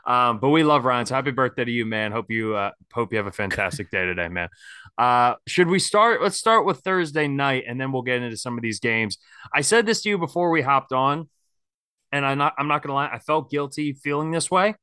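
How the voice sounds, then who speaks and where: Man, podcast host, bright tone, smooth clear voice, dry close sound, casual rambling chat. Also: medium pitch, lively intonation, a little fast, dry recording. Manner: rambling, candid, frequent fillers.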